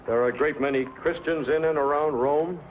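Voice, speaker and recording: An actor playing a courteous young Roman officer in a 1960s film dub, speaking in a polite, measured way. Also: male voice, a little high, lightly acted. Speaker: Roman soldier. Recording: dull old film sound with hiss.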